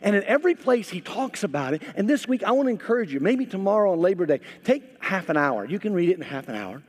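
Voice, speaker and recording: A middle-aged male pastor delivers a sermon in a chatty, repeating style, with a slightly higher voice than most men. He swings into animated emphasis at times. His voice rings with the long reverb of a church hall. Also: fast talker. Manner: conversational preaching, repeats words, rises to animated emphasis.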